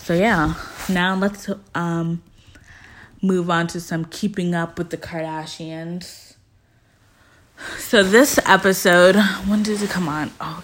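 A woman chatting casually about the latest episodes, her voice sitting a little low for a woman. She tells it like gossip to a friend, jumping into quick impressions of whoever spoke and padding her sentences with "like.". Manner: animated storytelling, acting out quotes with "like" fillers. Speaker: reality TV recap vlogger.

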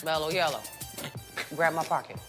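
A woman's voice: low voice, moderate pace, lightly acted. An actress playing a woman inmate who puts on a tough gangster act, brash and taunting. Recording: TV clip under loud music.

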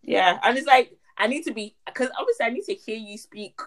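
Lively, emphatic young woman chatting. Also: a little high, a little fast. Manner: emphatic, laughs often. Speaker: podcast co-host. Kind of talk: casual chat.

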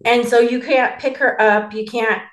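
A woman's voice: fairly high pitch, steady tone, normal speed, reverberant. A woman in casual podcast chat, rambling and filling with "like" as she acts out quoted dialogue. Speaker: podcast co-host telling her birth story.

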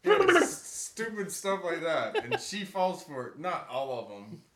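Animated, cursing man in an echoey room. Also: a little high, unhurried, noisy background. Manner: profane, animated storyteller, stammers and restarts. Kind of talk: casual chat.

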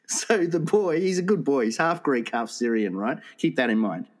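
A man's voice: mid-range voice, lively intonation, normal speed, a little mellow. A middle-aged man telling a long comic story in casual chat, swearing freely.

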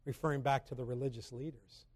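A man preaching a sermon who swings between loud, emphatic passages and low, slow scripture reading. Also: steady tone, long reverb tail.

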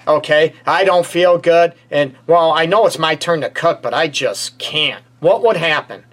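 A man's voice: fairly high pitch, unhurried, a bit bright. A man, a relationship counselor hosting a talk show, chatting casually and joking around. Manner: joking, plays out scenarios in a grumpy put-on voice. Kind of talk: casual podcast chat.

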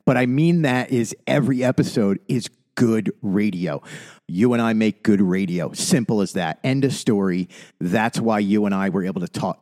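A man's voice: medium pitch, a little mellow. A man co-hosting a podcast, speaking in a heartfelt, rambling way and restarting his sentences when he gets emotional. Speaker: podcast co-host. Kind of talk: casual podcast chat.

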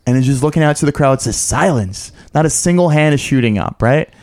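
Lively man telling stories. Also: brisk. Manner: animated, acts out voices in a high squeal. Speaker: podcast co-host. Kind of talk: casual storytelling chat.

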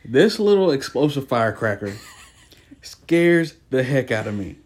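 A young man chatting casually with his wife, his voice swinging widely in pitch as he acts out the people in his stories. He tells them with a lively, storyteller's energy. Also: a little slow, slightly rough. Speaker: podcast co-host. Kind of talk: casual chat.

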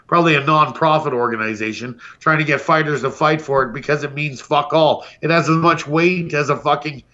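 A man's voice: fairly high pitch, sharp tone, highs cut off. A man hosting a podcast, delivering a brash, profane comedic roast rant. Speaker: podcast host.

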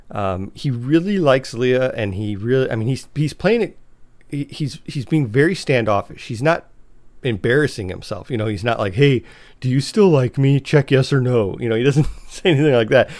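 A man casually recapping a TV episode, talking in a halting, chatty way with restarts. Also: medium pitch, no room sound.

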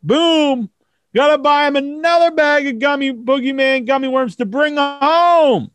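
A man hosting a casual wrestling talk show, rambling and profane, acting out kids in squeaky voices. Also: a little slow, a bit bright, no room sound. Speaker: host.

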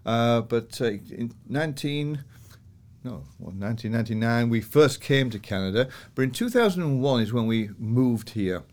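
An older man with a Yorkshire lilt talks as a podcast guest. He chats in a relaxed, rambling way, full of fillers, and laughs easily. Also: mid-range voice, normal speed. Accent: Yorkshire English. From northern England. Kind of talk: relaxed personal storytelling.

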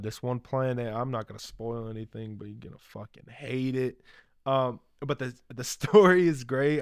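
A man's voice: mid-range voice, no echo, studio quality. Laid-back, swearing male podcast co-host. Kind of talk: casual chat.

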